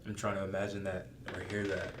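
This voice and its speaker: A man hosting and editing a podcast, speaking calmly and encouragingly with many affirming hums. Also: low voice, fast talker. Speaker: podcast host and editor. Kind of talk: casual chat. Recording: echoey room, faint noise.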